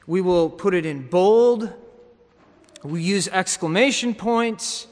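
Guy preaching a sermon, kinda high voice, long hall echo, stumbles and repeats words a lot. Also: slow pace, darkish tone. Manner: teaching, with frequent restarts and repeated words.

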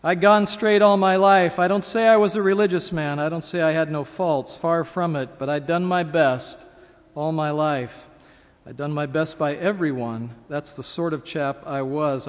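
A man voicing the ghost of a self-righteous working man who insists, loudly and sulkily, on his own decency. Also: fairly high pitch, measured pace, big-room sound, lightly acted. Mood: boastful. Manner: indignant, insistent, sulky.

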